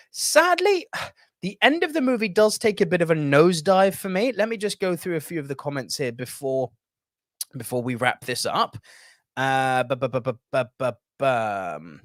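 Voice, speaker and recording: Animated male movie reviewer, dry close sound. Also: fairly high pitch, no echo. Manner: chatty, animated, reading viewer comments. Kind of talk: casual video review.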